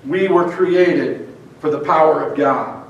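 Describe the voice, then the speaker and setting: A man with a high voice preaches a fervent sermon as pastor, his words often stumbling and repeating before he pushes on. He is heard from some distance off the mic, and a heavy echo hangs on every phrase. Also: slow, highs cut off. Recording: very echoey hall, mic far off.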